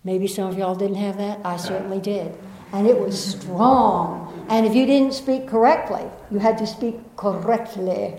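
A woman, leading a group workshop in a room and moving from playful asides to slow, soothing guidance. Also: medium pitch, fairly even intonation, darkish tone, a little hiss or hum. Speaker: workshop facilitator. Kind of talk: guided group workshop talk. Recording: echoey room.

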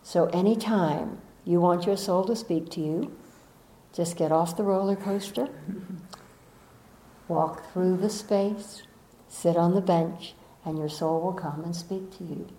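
A woman giving a gentle, coaxing inspirational talk as a spiritual teacher, often asking rhetorical questions of her listeners. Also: on the low side, takes it slowly, echoey room, rough recording.

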